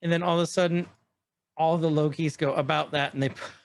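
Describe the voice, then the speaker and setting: A man with a voice a touch higher than most rambles eagerly through a casual podcast chat. He retells scenes as he pauses the show, getting excited as he goes. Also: no echo. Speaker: podcast co-host. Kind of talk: casual chat recapping an episode.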